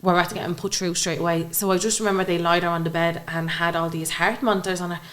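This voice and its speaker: A woman's voice: fairly low pitch, level tone, quick pace, fairly bright tone. A young woman with an Irish accent, a podcast guest telling a personal story and acting out the dialogue she quotes. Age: young adult. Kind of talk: emotional personal storytelling in conversation.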